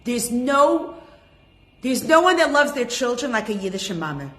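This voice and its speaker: A woman's voice: fairly high pitch, sing-song, moderate pace, fairly bright tone. A woman teaching a women's class online, chatting and greeting each attendee by name. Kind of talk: casual online class talk.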